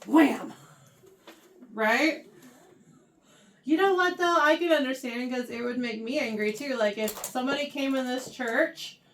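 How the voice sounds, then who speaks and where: A woman's voice: high-pitched, unhurried, long pauses. A woman leading a casual Bible study for teenagers, reading scripture aloud, then retelling it in everyday words and checking in with questions. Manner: chatty, keeps checking in with questions. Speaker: youth Bible study teacher. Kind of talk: casual Bible lesson to teens. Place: church. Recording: voice picked up from a distance.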